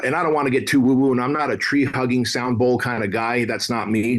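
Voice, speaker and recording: A man from Armenia in his late thirties or older, a podcast guest telling a personal story in a blunt, casual way, with slang and swearing. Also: medium pitch. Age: 30s. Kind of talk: candid conversational storytelling.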